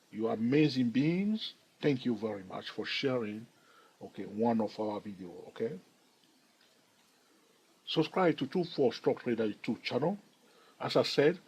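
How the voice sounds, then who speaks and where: A man's voice: mid-range voice, darkish tone, slightly rough, poor audio. A man hosting a stock trading channel, explaining charts and chatting jokily with viewers, checking in often with "all right?". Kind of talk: chart analysis tutorial.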